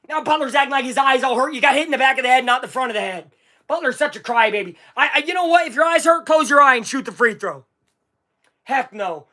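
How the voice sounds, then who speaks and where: A live streamer calling a basketball game as an excitable fan, swinging from low muttering to shouting and swearing. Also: fairly quick. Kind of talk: live fan watch-along commentary.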